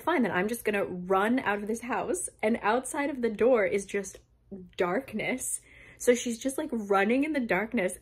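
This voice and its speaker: A woman's voice: medium pitch, slightly rough. A young woman chatting casually as she recaps a novel, swearing and laughing often. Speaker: book youtuber.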